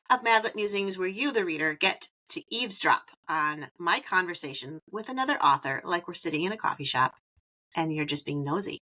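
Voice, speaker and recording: A woman hosting a podcast, upbeat and quick to laugh as she introduces the show and her guest. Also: fairly low pitch, bright, forceful tone. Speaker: podcast host. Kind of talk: casual podcast intro and chat.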